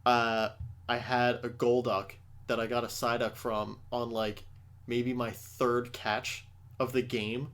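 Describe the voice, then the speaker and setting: A man hosting a podcast in casual chat, telling stories excitedly and swearing a lot. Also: mid-range voice, takes it slowly, clear, resonant tone. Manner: profane, excitable storytelling. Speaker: podcast host.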